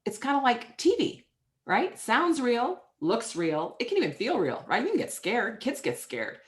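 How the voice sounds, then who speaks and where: A middle-aged woman answering interview questions as a guest author, telling stories in an emphatic, energetic way. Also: on the high side, moderate pace.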